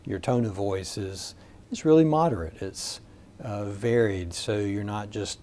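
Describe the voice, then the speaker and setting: A man teaching a recorded lesson on communication in a measured, explanatory way, with frequent "uh" fillers. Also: on the low side, dark tone, slight background noise. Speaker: communications instructor. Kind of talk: recorded lecture.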